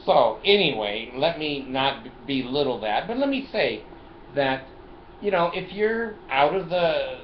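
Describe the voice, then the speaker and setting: A man's voice: fairly high pitch, animated, measured pace. Older man, casual car vlog, chatty and laughing, roomy echo, dull lo-fi sound, faint hiss. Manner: chatty, laughs often, jokey and profane. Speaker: video host. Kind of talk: casual vlog, showing his phone and car gadgets. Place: in his car.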